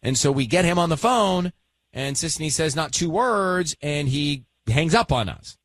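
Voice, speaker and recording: A male radio host leading studio banter in a brisk, teasing way. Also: a little high, expressive, no echo. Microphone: studio microphone.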